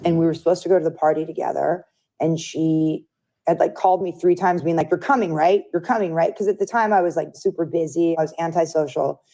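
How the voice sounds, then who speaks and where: Interview guest, female, low warm voice, rambling chatty storyteller. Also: fairly even intonation, a little fast. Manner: chatty, filler-heavy, acts out quoted voices. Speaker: friend recounting events.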